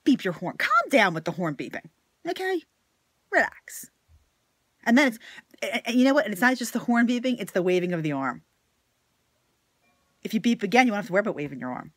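A woman venting in an angry, profane rant to her viewers, blunt and swearing often, swinging between loud outbursts and quiet asides. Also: medium pitch, big pitch swings, fast talker, dry recording, clean studio sound. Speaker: vlogger. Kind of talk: profane ranting monologue to camera.

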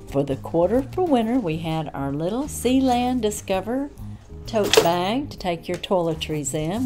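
A woman with a Southern accent chatting enthusiastically through an unboxing review in a homey way. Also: on the low side. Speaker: unboxing vlogger. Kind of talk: casual product review.

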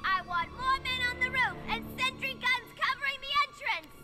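A woman's voice: expressive, normal speed. An actress voicing a manic, playful female villain who taunts and bosses her gang, in a mocking sing-song voice. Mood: furious. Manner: mocking, sing-song, shrill when barking orders. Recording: game audio over loud music.

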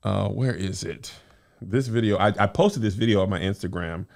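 A man hosting a casual podcast, talking in an animated, joking way and acting out voices. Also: fairly low pitch, creaky. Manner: animated, quick to act out voices and joke. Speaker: podcast host. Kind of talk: casual chat.

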